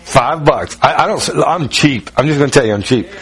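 A man with a Southern US accent, from Ohio, preaching in a relaxed, folksy, self-mocking way with many fillers. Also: medium pitch, a little fast, breathy edge. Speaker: pastor. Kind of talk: conversational sermon.

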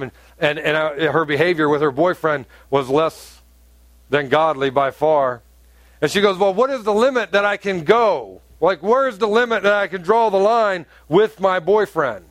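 Pastor guy preaching hard, high voice, gets fired up. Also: dry recording. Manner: animated preaching, rising to emphatic peaks. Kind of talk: sermon.

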